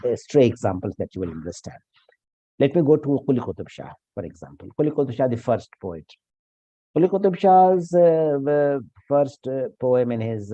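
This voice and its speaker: A man giving an academic lecture, reciting Urdu verse and explaining it slowly with pauses and fillers. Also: medium pitch, mellow, no room sound. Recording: dull lo-fi recording.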